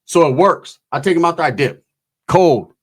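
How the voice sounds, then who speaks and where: Husky man telling a crude story. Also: fairly high pitch, moderate pace. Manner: crude street slang, animated retelling. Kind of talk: casual comic storytelling.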